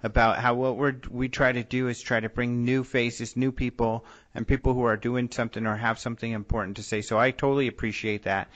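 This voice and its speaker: A man's voice: medium pitch, flat delivery, fairly quick, few pauses, a bit bright, highs cut off. A man hosting an interview, giving friendly thanks and easy replies. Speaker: interview host. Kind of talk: casual interview chat.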